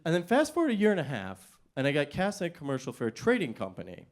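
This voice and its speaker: Animated, high-voiced male comedian. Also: fast talker. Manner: animated, self-mocking storytelling. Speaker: stand-up comedian. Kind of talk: stand-up comedy storytelling. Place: comedy stage.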